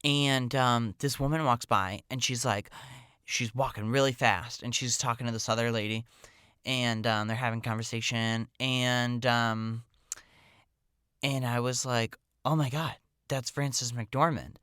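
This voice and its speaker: Male podcast storyteller, chatty and meandering, crisp bright tone, close dry sound. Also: medium pitch, flat delivery, a little slow, no echo. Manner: rambling, full of "like" and "um". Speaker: podcast host telling a personal story. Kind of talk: casual storytelling monologue.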